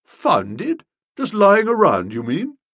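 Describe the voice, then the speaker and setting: A brash, talkative young man, as a male reader puts him on, hearty and emphatic with a wildly lively lilt, in the manner of a storybook reading. The voice is somewhat husky and the recording dry and close. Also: high voice, slow, no echo, voice pushed up, heavily acted. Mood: exuberant.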